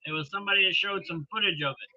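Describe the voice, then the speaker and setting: A man with a high, very bright voice chats his way through a live wrestling broadcast, joking and laughing as he goes. The sound is slightly dull and lo-fi. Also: rapid-fire. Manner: chatty, laughs often, jokey. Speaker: live stream host. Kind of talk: casual live commentary.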